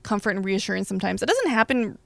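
A woman's voice: medium pitch, sing-song, fast, vocal fry, a bit bright, no echo. A young woman talking candidly in a casual group chat, swearing freely and acting out what people say. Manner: candid, swears, acts out quotes. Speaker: panel guest.

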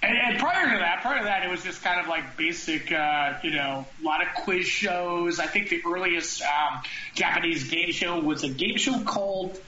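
High, bright-voiced male podcast host. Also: reverberant, dull audio, a little hiss or hum. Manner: rambling, halting with many restarts. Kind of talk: casual chat.

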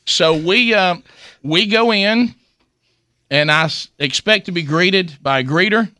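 A man, hosting talk radio and telling a funny story, animated and self-mocking. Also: sits high, a little slow.

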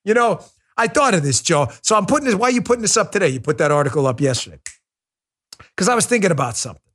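A man hosts a political commentary show in a heated, mocking rant. His voice sits high for a man and leaps around a lot in pitch. He scoffs and laughs along as he argues. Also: big pitch swings, fast, pauses often, a bit bright, breathy edge. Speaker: podcast host.

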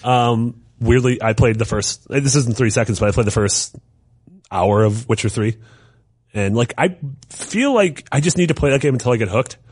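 A man's voice: mid-range voice, moderate pace, darkish tone, husky. A young adult man co-hosting a casual podcast, jokey and laughing often. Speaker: podcast co-host.

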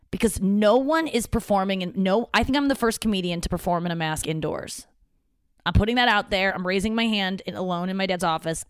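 Low-voiced woman comedian rambling, dry close mic. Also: clean tone, dry recording. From St. Louis area. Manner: rambling, profane, acts out others' lines. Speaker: stand-up comedian and podcast host. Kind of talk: casual solo storytelling monologue. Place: home office, indoors.

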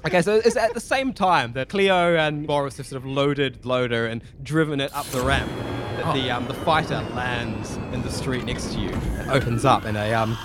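A man's voice: medium pitch, normal speed, background noise. A man narrating as game master, rambling and hesitant, with many fillers.

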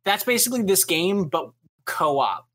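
A man's voice: high-pitched, big pitch swings, unhurried, fairly bright tone. Casual male podcast co-host, rambling and chatty. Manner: rambling, filler-heavy. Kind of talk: casual chat.

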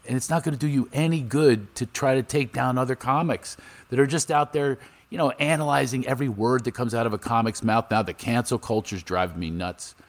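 A man, a comedian from Philadelphia, chatting casually in an interview and acting out anecdotes. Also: medium pitch. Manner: animated storyteller, acts out voices in anecdotes. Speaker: comedian guest. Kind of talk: casual interview chat with storytelling.

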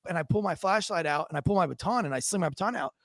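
Gravelly man telling a story. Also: high voice, rapid-fire, no room sound, studio quality. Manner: animated, lots of fillers, acts out quotes. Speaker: podcast co-host, former police officer. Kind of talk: casual storytelling.

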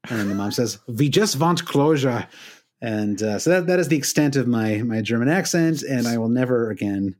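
Chatty American man, mid-pitched. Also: lively intonation, brisk, hardly any pauses, a little mellow. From United States. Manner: chatty, self-deprecating, lots of fillers. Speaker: podcast co-host. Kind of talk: casual sports betting podcast chat.

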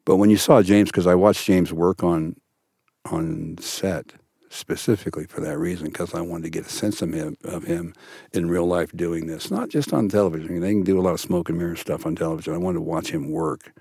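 Role: older male actor guest. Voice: deep, warm. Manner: animated storyteller, frequent restarts. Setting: dry studio podcast. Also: a little fast, gravelly, breathy edge, dry recording.

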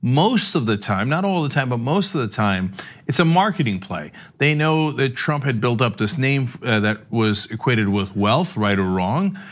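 A man's voice: medium pitch, very animated, moderate pace. A male podcast host in casual political chat, explaining at length with sarcastic asides. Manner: explanatory, sarcastic, acts out quoted speech.

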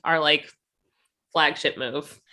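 A woman's voice: low-pitched, steady tone, slow pace, bright, forceful tone. A woman in her thirties co-hosting a casual podcast, playful and joking with frequent laughter. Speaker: podcast co-host. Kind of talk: casual chat.

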